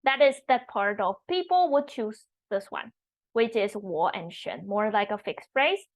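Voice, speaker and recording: A woman who teaches online, explaining tones slowly and carefully and repeating each example word. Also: mid-range voice, expressive, poor audio. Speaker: Mandarin teacher. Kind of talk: online language lesson.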